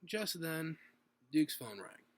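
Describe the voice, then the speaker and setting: A man's voice: a little high, sing-song, slow, no echo. A man reading his own story aloud at home, unpolished, with restarts and little asides.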